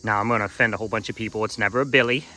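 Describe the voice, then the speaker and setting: Bright-voiced man chatting on his farm. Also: lowish voice, steady tone, very fast, faint music behind. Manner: playful baby talk to animals; chatty explaining to viewers. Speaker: farm vlogger. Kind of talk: casual farm vlog talk. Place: outdoors on a farm.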